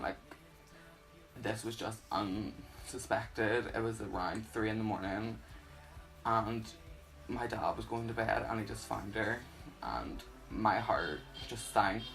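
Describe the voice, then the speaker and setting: Earnest young man with a gravelly voice. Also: on the low side, a bit bright, low-quality recording. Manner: earnest, halting, with many fillers. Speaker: YouTuber. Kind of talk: personal testimony vlog.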